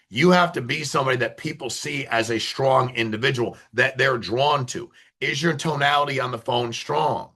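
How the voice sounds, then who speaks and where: A man coaching insurance agents in an interview, blunt and emphatic, talking fast in bursts and acting out phone calls with clients. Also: medium pitch, pushed and bright, slightly rough. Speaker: insurance sales leader.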